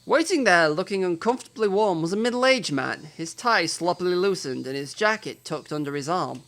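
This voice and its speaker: A young man with a northern English accent reading a visual novel aloud, animated and self-mocking. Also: sits high, normal speed. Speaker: let's player.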